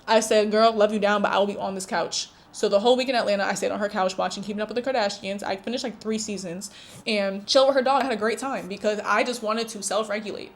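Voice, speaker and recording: A young woman telling a candid, chatty story to her viewers in a casual vlog. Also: medium pitch. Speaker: vlogger.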